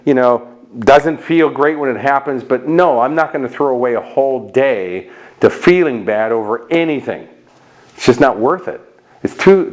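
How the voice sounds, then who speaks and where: A man speaking as a motivational coach, talking straight to the viewer in an emphatic, direct way with punchy repetition. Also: medium pitch. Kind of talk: motivational talk to camera.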